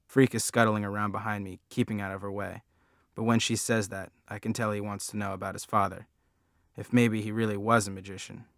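A man narrating a first-person story in a plain, steady way. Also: lowish voice, a little fast, no room sound, studio quality. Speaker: audiobook narrator.

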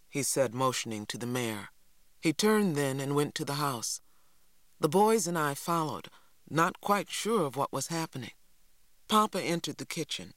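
A man narrating an audiobook in an even, measured way, close to the mic. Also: medium pitch, no room sound. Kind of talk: scripted narration.

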